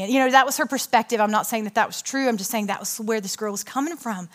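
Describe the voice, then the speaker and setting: A woman in her thirties giving a conversational, story-filled sermon from a stage, chatty and animated, often asking the audience questions. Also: fairly high pitch, quick pace, few pauses. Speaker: women's ministry speaker.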